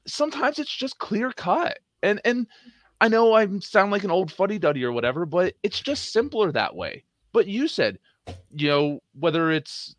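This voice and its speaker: A man's voice: high-pitched, no echo. A man co-hosting a sports talk show, arguing his case with emphatic rhetorical questions and punchy commands. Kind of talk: opinionated sports debate.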